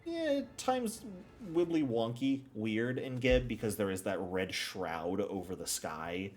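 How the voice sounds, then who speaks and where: Deep-voiced casual game master. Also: male voice, sing-song, slow, soft background music. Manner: casual, chatty, rambling. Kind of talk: running a tabletop game.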